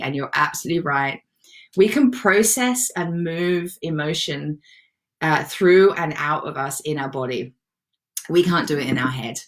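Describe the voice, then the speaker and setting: A woman with a low-pitched voice hosts a live online self-love session. She talks in a relaxed, chatty way, greeting viewers and answering their comments with encouragement. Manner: warm, encouraging, reads viewer comments aloud. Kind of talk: casual live-stream chat.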